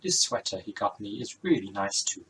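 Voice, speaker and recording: Blunt young woman, fed up and deadpan, played by a man; bright, forward tone. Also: fairly low pitch, normal speed, slight background noise, pitched below the performer's own voice, poor audio. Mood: mocking. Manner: dry, exasperated put-downs.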